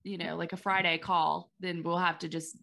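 Bright bubbly woman hosting a podcast. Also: fairly low pitch, flat delivery, normal speed, vocal fry. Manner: bubbly, enthusiastic, leads the call. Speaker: podcast host. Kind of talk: casual chat.

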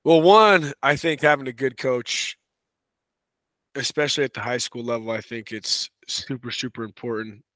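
A man's voice: mid-range voice, normal speed, dry recording. Chatty man coaching talk, dry mic. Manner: relaxed, chatty, many fillers like "you know" and "right". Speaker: wrestling coach, podcast guest. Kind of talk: casual conversational interview.

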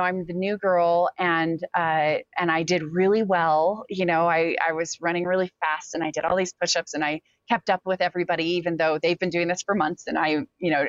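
An interview guest, a young adult woman with a lowish voice, shares a personal story frankly, peppered with fillers and quoted asides. The dull, lo-fi recording has no room sound.

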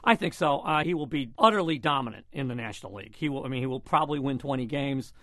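A man's voice: medium pitch, lively intonation, fast, sharp tone, no room sound. A man giving sarcastic, opinionated sports commentary in a radio studio. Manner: sardonic, sarcastic wit.

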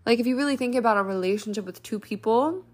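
A young adult woman hosting a self-help podcast, talking in a gentle, reflective and loosely flowing casual way. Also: a little high, fast. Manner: gentle, reflective, speaks in loose flowing sentences with frequent "like" and "you know". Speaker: podcast host.

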